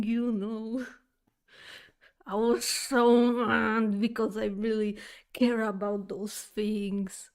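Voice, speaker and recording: A woman streamer telling a chatty, exaggerated story to her viewers, with halting phrasing full of fillers and restarts. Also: a little high, little pitch movement, darkish tone, smooth. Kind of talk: casual storytelling chat.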